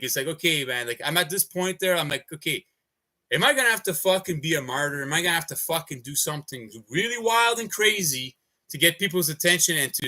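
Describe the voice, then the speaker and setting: A man's voice: on the high side, sharp tone. A man in a livestream rant, talking in a heated, profane and rambling way. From Canada. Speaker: activist livestreamer.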